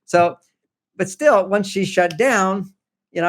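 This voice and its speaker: A man's voice: high-pitched, very animated, normal speed. An older man, a relationship author who is a podcast guest, tells stories in a conversational way and acts out the lines of the people in them. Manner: anecdotal, acts out quoted dialogue. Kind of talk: conversational storytelling.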